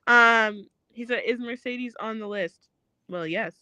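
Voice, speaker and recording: Woman, young adult, casual chat, blunt and joking, bright tone. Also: fairly high pitch, a little slow, smooth, dry recording, low-quality recording. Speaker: podcast co-host.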